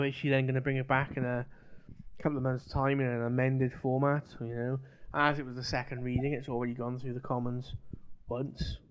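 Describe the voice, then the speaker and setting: A man talks through his opinions in a measured, rambling way during a casual podcast chat. His voice sits in a middle pitch, and the audio is dull and lo-fi. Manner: measured, builds arguments with many you-knows.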